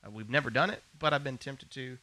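A man's voice: medium pitch, fast, sharp tone. A man from Arkansas co-hosting a podcast, chatty and casual, trailing off and restarting. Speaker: podcast co-host. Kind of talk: casual chat.

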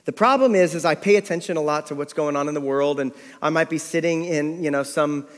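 Middle-aged male pastor, lively storyteller with a slightly high voice, preaching in a reverberant hall. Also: a little fast. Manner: animated storytelling, acting out his own thoughts. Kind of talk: storytelling sermon.

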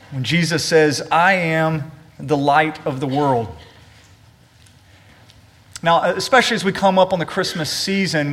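Man, pastor, church sermon, earnest, emphatic, slightly raised pitch, talks to the congregation. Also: fairly bright tone. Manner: earnest, emphatic, repeats words when stressing a point; addresses the congregation directly. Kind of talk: sermon with scripture reading and prayer. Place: church service.

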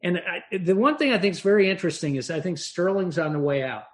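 A co-host talks through the game in a measured, analytical way. His voice sits a little high for a man, and the tone is relaxed and conversational. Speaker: podcast co-host. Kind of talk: casual sports chat.

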